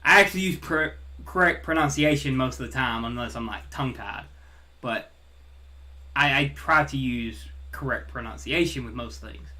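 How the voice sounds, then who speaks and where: A man's voice: mid-range voice, normal speed, pushed and bright. A man with a Southern American twang reviewing a comic in a loose, rambling podcast chat, often repeating words and swearing casually.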